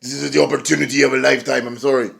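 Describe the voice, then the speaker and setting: A man's voice: mid-range voice, level tone, very fast, creaky, fairly bright tone. Man doing a sheepish wrestler, everyday voice. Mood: sorry. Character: apologetic male wrestler.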